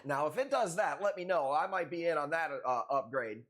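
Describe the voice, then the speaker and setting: A man's voice: fairly high pitch, animated, fairly quick, fairly bright tone. Profane, joking man hosting a stream. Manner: loose, profane, joking banter with frequent laughs. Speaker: live stream host selling corals. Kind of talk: casual live-stream chat with chat viewers.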